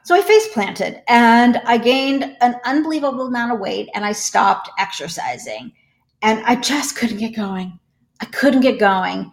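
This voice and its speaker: Higher-pitched woman telling a heartfelt story. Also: expressive, measured pace. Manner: earnest, emotional personal storytelling. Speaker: podcast guest. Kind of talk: candid conversational interview.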